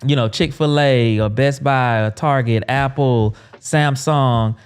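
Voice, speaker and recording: A smooth, resonant man's voice in a relaxed business conversation, animated and full of quick asides. He sits in his mid-range pitch and talks like an agency owner chatting on a podcast. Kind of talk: casual business chat.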